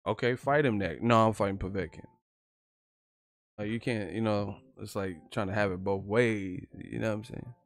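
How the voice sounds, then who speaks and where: A man's voice: on the low side, normal speed, few pauses, no room sound. A young man giving casual, profane live-stream boxing commentary, joking and laughing loosely.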